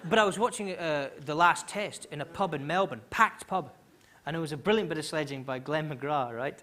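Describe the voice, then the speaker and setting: A man's voice: on the high side, brisk, bright, forceful tone. A man doing stand-up comedy on a large theatre stage, telling a story animatedly and laughing along. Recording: live theatre with audience laughter.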